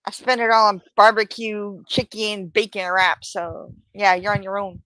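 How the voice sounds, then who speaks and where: A woman's voice: medium pitch, little pitch movement, moderate pace, bright, forceful tone, no echo, poor audio. A woman co-hosting a casual live stream, joking and teasing in banter. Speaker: co-host.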